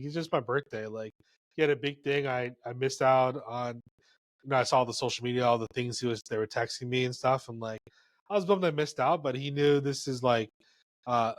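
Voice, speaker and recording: Male podcast guest, mid-pitched, loose and candid, dry close-miked sound. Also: no room sound. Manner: relaxed and frank, with lots of filler words. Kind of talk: casual podcast chat.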